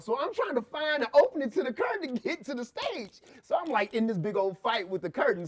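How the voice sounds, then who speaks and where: Animated storytelling man. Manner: animated storyteller, acts out dialogue with big pitch jumps. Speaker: teacher and podcast guest. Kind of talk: storytelling in a podcast interview.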